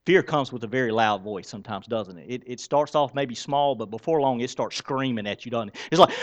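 A male pastor preaching a sermon, conversational, asking the congregation rhetorical questions and swinging between soft and loud for emphasis. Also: mid-range voice, brisk, hardly any pauses.

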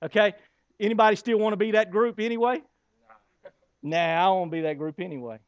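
A man preaching a sermon as pastor, asking rhetorical questions and pausing for effect. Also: high-pitched, smooth, no room sound, lo-fi sound.

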